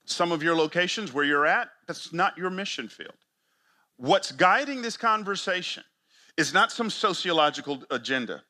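Speaking at a moderate pace in an animated voice, a man addresses church planters in a sermon. He is emphatic and leans on rhetorical questions, his pitch and volume rising and falling dramatically.

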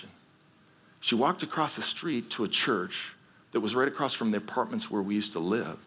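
Husky, bright-voiced preaching man. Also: on the low side, a little fast. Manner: earnest storytelling, rising to emphatic exhortation. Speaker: pastor. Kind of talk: sermon.

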